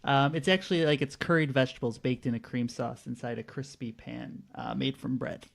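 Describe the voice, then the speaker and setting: A man hosting a casual trivia podcast. He reads out the answers in a relaxed way and laughs often. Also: medium pitch, fairly quick, gravelly. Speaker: quiz host.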